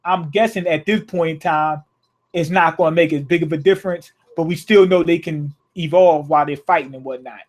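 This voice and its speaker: A man's voice: on the high side, fairly quick. A man reviewing an anime episode in a casual, rambling, slangy way, often restarting his thoughts.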